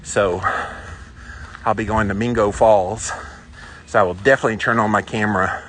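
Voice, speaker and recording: A man's voice: on the low side, steady tone, normal speed, fairly bright tone, a little hiss or hum. A man hosting a casual livestream while walking outdoors, chatting and reading out viewer comments. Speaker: livestream host. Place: outdoors on a walk.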